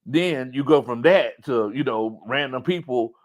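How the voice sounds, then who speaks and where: A man hosting a casual sports talk show, animated and full of impressions and bits of song. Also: mid-range voice, measured pace. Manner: animated, breaks into singing and impressions.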